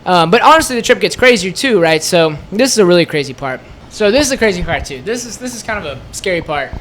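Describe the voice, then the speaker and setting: A man guesting on a podcast, who co-owns a store, tells a road-trip story in casual chat, animatedly voicing what everyone said and using "like" constantly. His voice is high and quick, with a little hiss or hum.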